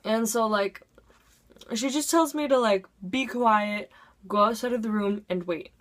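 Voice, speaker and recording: A woman's voice: fairly high pitch, unhurried. A teenage girl telling a casual storytime, chatty and filling her talk with "like". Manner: chatty, heavy use of "like". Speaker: vlogger.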